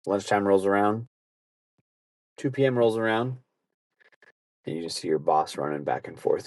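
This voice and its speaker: Deep-voiced man rambling casually. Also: animated, normal speed, pauses often, darkish tone, no room sound. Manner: rambling storytelling with acted asides. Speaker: podcast host. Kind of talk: casual monologue.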